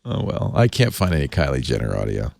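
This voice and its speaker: A man hosting a casual tech panel show, joking and playful, quick to laugh. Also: rumbling low, sing-song, creaky, a little mellow, no echo, clean studio sound. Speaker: podcast host.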